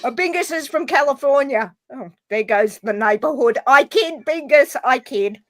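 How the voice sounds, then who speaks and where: Female guest, high and bright, playful teasing, dry sound. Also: expressive, moderate pace, dry recording. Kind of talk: casual chat.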